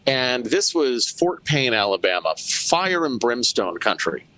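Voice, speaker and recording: A man co-hosting a casual podcast, a former radio station owner who tells drawn-out, wry stories. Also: medium pitch, sing-song, bright, forceful tone. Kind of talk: casual storytelling chat.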